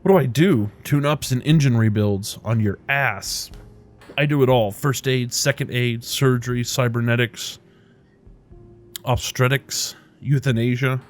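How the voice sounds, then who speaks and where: A man's voice: medium pitch, steady tone, a little slow, faint music behind, close to an everyday voice. A man voicing a cheerful, hungover middle-aged male street doctor in a video game, with a loose Midwestern accent and a boisterous, jokey manner. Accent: Midwestern American put on. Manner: boisterous, jokey, words piling together.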